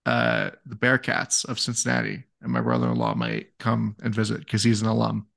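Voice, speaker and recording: A man's voice: lowish voice, big pitch swings, moderate pace, creaky, a bit bright. A man co-hosting a casual fantasy football podcast, easygoing and self-deprecating as he reads through draft picks. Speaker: podcast co-host.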